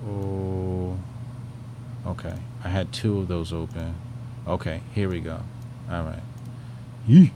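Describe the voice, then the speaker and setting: A man's voice: low voice, fairly even intonation, slow, pauses often, noisy background. A man hosting a commentary show, talking in a loose, rambling way, swearing freely and trailing off into fillers. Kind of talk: casual profane commentary.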